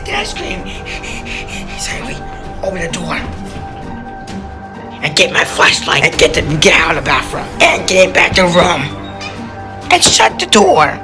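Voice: mid-range voice, normal speed, pauses often. A cartoon storyteller telling a scary story dramatically, jumping between squeals and whispers. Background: clear music.

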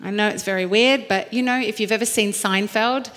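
A middle-aged woman pastor preaching a sermon, telling stories with lively acted quotes and emphatic repetition. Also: medium pitch, a little fast. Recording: long hall reverb.

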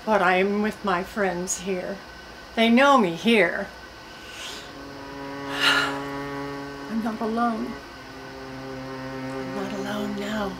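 An older actress playing a faded star who talks to herself in a brooding, pleading film monologue. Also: female voice, mid-range voice, drawn-out words, pauses often, noisy background. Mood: desperate. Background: cello music.

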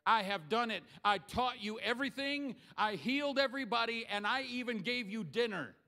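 A man preaching who acts out Jesus as weary, kind and gently exasperated, pleading for a break. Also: very high-pitched, expressive, moderate pace, exaggerated voice. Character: weary Jesus, kind but done with crowds.

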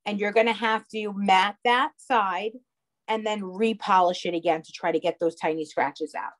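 A woman's voice: mid-range voice, fairly even intonation, normal speed. A woman with a heavy Long Island accent teaching a live online craft class, chatty and often checking in with her viewers. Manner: chatty, checks in with "okay?" and "all right". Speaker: craft instructor.

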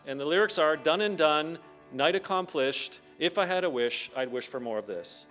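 A man's voice: fairly high pitch, normal speed, faint music behind. A middle-aged Canadian man giving a conference keynote, telling stories and acting out the voices of the people in them. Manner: animated storyteller who acts out quoted voices. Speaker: keynote speaker.

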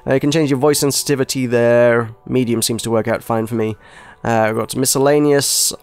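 English male game reviewer, mid-pitched, loose hesitant chat, a little self-mocking. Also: steady tone, brisk, a little mellow, clean tone. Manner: rambling, hesitant, self-deprecating. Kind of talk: casual gameplay commentary.

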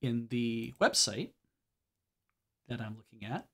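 A man streaming a game, musing out loud and hesitating as he plays. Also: mid-range voice, expressive, slow pace. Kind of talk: casual game stream commentary.

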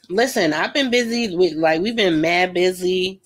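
At a moderate pace and with a lowish voice, a young woman gossips casually while painting live for her vlog. She talks in slang, laughs often, and brings energy to her storytelling.

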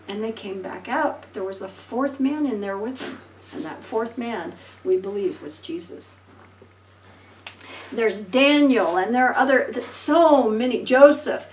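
A woman pastor preaches with animated storytelling, acting out the voices of Bible figures. Her voice sits fairly high. She is heard from some distance in a roomy, echoing space. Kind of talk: sermon.

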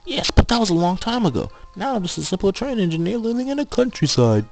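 A man's voice: high-pitched, very animated, fast, vocal fry, darkish tone, soft background music, voice pushed up, full character voice. A man voicing a modest old former swordsman from a video game, reading his lines aloud. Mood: worried.

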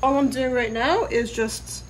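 A woman with a fairly high voice talks viewers through a repair job in a casual, upbeat way. She sounds easygoing and gets excited whenever a part clicks into place. Faint noise sits in the background. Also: a little slow. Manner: upbeat and chatty, cheering when parts fit. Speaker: host of a motorcycle how-to channel. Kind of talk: casual how-to instruction.

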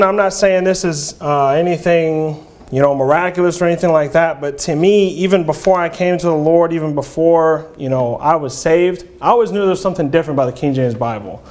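Earnest high-voiced man preaching. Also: a little mellow. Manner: earnest, halting, with frequent fillers and restarts. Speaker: lay preacher. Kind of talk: sermon. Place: church.

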